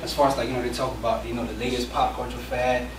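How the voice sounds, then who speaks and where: A man's voice: mid-range voice, little pitch movement, fast. A young adult man, a podcast co-host, giving a casual live speech with loose filler phrases. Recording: echoey room, far from mic, noisy.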